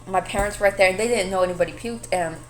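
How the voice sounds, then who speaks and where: A young woman co-hosting a podcast in casual chat, teasing her friend and telling animated stories. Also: medium pitch, rapid-fire, low-quality recording. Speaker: podcast co-host.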